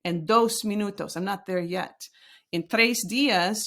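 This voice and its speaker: A woman's voice: medium pitch, measured pace, a bit bright. A woman teaching a recorded lesson, explaining step by step and modeling example sentences aloud. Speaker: Spanish teacher.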